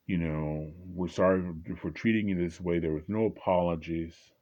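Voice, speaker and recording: A man with a very low, mellow voice tells a personal story in a loose, conversational way, with stops and restarts. He raises his voice to act out heated exchanges. The recording sounds dull and lo-fi. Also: fairly even intonation, normal speed, few pauses. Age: 20s at the time told, now older. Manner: conversational, re-enacts angry exchanges with rising voice; frequent fillers and repeated restarts.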